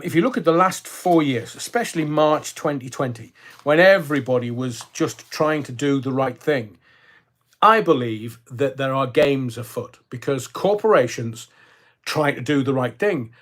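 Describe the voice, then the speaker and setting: Host type: older man, slightly higher voice, jokey, rambling, full of ums and asides. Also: a bit bright. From Scotland. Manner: chatty, jokey, rambling with many fillers. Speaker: livestream host reading viewer comments. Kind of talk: casual chat.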